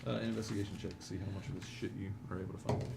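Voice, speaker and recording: A man's voice: sits low, steady tone, very fast, vocal fry. A man narrating a tabletop game as game master, in a casual, rambling way with many fillers. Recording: roomy mic with faint noise.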